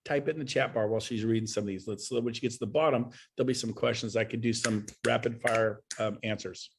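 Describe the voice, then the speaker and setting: A man's voice: medium pitch, steady tone, fast talker, vocal fry, background noise. A middle-aged man giving a folksy, emphatic motivational talk on a video call, repeating his phrases for effect. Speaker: guest speaker at a real estate webinar.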